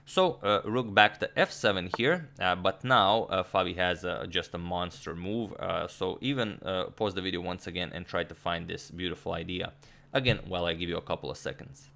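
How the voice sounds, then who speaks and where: A man analyzing a chess game move by move, explaining with frequent pauses, restarts and filler sounds. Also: low voice, creaky, sharp tone. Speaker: chess commentator.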